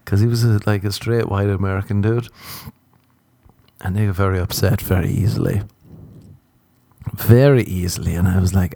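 A man's voice: deep voice, steady tone, fairly quick, gravelly, warm tone, dry recording, clean studio sound. A man with an Irish accent, a podcast host, telling a comic story in a casual way. He acts out the dialogue with lots of laughter. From Ireland.

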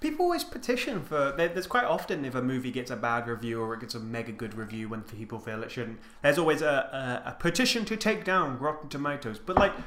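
A man's voice: mid-range voice, lively intonation, quick pace, few pauses, fairly bright tone. Chatty man in a roomy room. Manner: chatty, laughs often, rambling. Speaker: podcast host. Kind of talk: casual chat.

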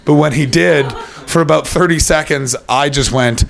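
A man from Canada doing stand-up comedy, telling a story to a live audience and acting out other people's lines in quick voices. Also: on the high side, gravelly. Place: stage before a live audience.

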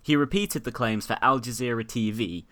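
A man's voice: medium pitch, bright, forceful tone. A man hosting a casual podcast conversation, jumping in playfully and reading out notes. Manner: quick to interject, playful. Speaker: podcast host.

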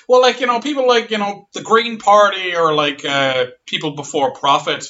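A man's voice: sits high, fairly even intonation, measured pace, bright, forceful tone. An Irish man co-hosting a casual, laughing chat show, loose and swearing freely. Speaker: podcast co-host. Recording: dull lo-fi sound.

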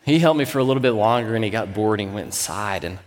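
A man's voice: on the low side, expressive, fast talker, long reverb tail. A man in his thirties, a pastor, preaching a sermon as a candid, self-deprecating personal story.

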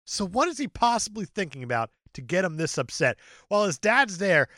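A man's voice: sits high, brisk, no room sound, studio quality. A man co-hosting a casual comedy podcast about movies, ranting with profane jokes. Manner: profane, animated, jokey rants. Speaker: podcast co-host.

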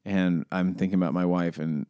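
A man's voice: sits low, moderate pace, clean tone, no echo, studio quality. A man in casual podcast chat, joking and acting out little scenarios. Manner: animated, jokey, acts out scenarios.

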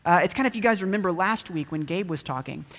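A quick, animated, high-pitched voice with a bit of brightness belongs to this preacher. Speaking in an echoey church hall with long reverb, he keeps his sermon casual and conversational, frequently asking rhetorical questions.

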